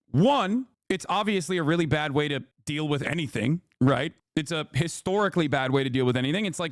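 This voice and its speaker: A man's voice: sits high, no room sound, studio quality. Blunt, profane male streamer. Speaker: political streamer. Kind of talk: live reaction commentary.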